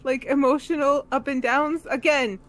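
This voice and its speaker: A woman plays in character at a tabletop game, laying out her points in a dry, pedantic manner. Her voice sits high, and she speaks with deliberate, matter-of-fact emphasis. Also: fairly even intonation, fairly bright tone. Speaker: player.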